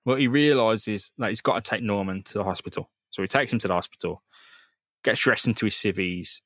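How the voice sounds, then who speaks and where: A man's voice: fairly low pitch, fairly quick, fairly bright tone, no room sound, studio quality. A man co-hosting a casual comic-book podcast, recapping scenes animatedly, swearing freely and acting out the characters' lines. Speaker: podcast co-host.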